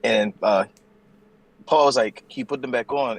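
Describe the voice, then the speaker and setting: A man co-hosting a casual podcast, retelling a story in a relaxed, dry way. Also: mid-range voice, normal speed, slight background noise, poor audio. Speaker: podcast co-host. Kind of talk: casual wrestling recap chat.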